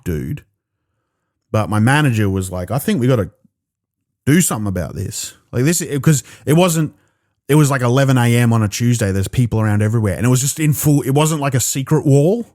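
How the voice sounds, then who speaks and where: An Australian man performs stand-up by himself in his room, swearing freely and stammering through restarts as he rants. His voice sits in an ordinary middle pitch for a man. The sound is dry and close, with no room echo. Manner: profane, animated ranting with stammered restarts. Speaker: stand-up comedian. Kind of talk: stand-up comedy performed alone. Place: his own room, indoors.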